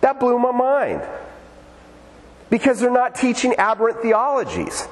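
A man's voice: extremely high pitch, unhurried. Man preaching in a reverberant church hall. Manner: conversational, animated preaching with acted quotes. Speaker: pastor. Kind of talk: sermon. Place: church sanctuary.

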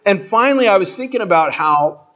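A man giving an informal sermon, telling the story in a conversational, animated way with casual slang. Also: sits high, brisk. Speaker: preacher.

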